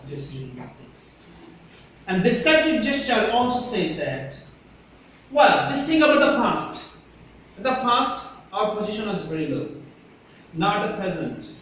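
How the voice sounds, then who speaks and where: Lecturing a university class, this Bangladeshi-accented man speaks emphatically in a high, somewhat bright voice. "Yes? Clear?" he asks his students again and again. The audio picks up an echoey room from far away, with faint hiss underneath.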